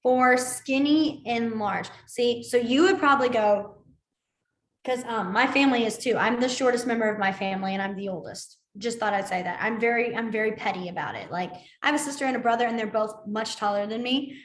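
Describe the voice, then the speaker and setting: A woman's voice: a little high, fairly quick, slight background noise. A woman teaching a beginner sign language class, explaining signs in a chatty, rambling way with many fillers and side stories. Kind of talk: casual spoken class instruction. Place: library classroom. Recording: echoey room.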